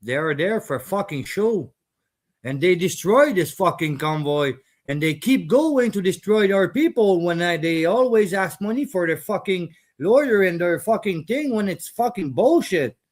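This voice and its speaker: A man's voice: high voice, expressive, moderate pace. A man hosting, ranting angrily and profanely in broken grammar. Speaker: channel host. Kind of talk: casual rant.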